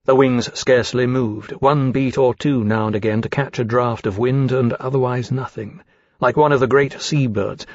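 A man's voice: mid-range voice, no room sound. Man narrating a fantasy audiobook. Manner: measured, steady storytelling. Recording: dull dry studio sound.

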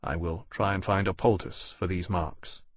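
A man's voice: low-pitched, steady tone, normal speed, dry recording, voice pushed down. A man voicing a kind, formal captain. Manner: formal, gentle and courteous. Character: courteous male naval captain, kind and formal. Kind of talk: audiobook narration.

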